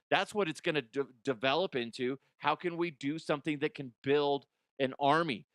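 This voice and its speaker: A man riffing through comedic news commentary in a slightly high voice, animated and joking. The sound is dry and close, with no room around it. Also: normal speed, hardly any pauses, clear, resonant tone, no room sound. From Colorado, USA. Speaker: podcast host.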